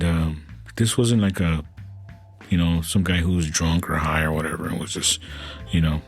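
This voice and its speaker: A man with a very deep, husky voice tells stories at an unhurried pace, stopping and restarting often. He sometimes drops to a soft, emotional tone, and faint music plays under him. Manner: halting, many restarts and fillers; turns soft and emotional at times. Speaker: podcast host. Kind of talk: casual storytelling.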